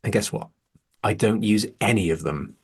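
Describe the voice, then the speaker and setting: A man's voice: fairly low pitch, moderate pace, darkish tone, slightly rough. A man, hosting a podcast and talking candidly and earnestly, swearing when heated. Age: 40s. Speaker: podcast host. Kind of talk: candid casual conversation.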